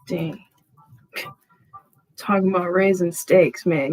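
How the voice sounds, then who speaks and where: A woman's voice: mid-range voice, takes it slowly, dry recording, low-quality recording. A woman doing a channeled tarot reading for her viewers, effusive and emphatic, calling them y'all and saying "freaking" a lot. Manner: gets excited and emphatic when revealing cards. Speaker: tarot card reader.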